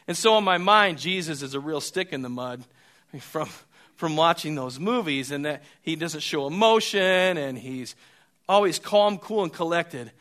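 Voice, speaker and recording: A man preaching a sermon, moving between quiet, hushed stretches and loud, raised passages, and often repeating a word as he restarts. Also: a little high, animated, moderate pace. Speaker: pastor.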